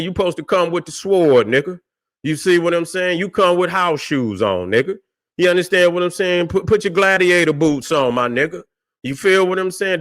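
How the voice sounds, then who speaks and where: A male livestream host rants combatively and profanely while answering chat, constantly repeating "you see what I'm saying" to check that listeners follow. His voice is a little high and a bit bright, recorded with clean studio sound and no room sound.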